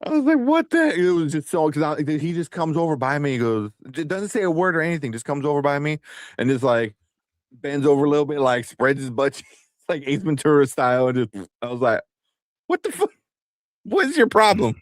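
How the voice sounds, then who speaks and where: A man in his thirties co-hosting a casual movie news stream, telling family stories and acting out quotes in a high voice. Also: brisk, dry recording, clean studio sound. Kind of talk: casual chat.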